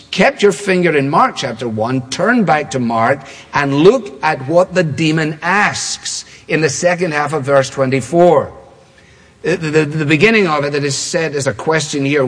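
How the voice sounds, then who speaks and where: A man's voice: on the high side, animated, normal speed. A man preaching a sermon with an emphatic, repetitive cadence. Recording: long hall reverb.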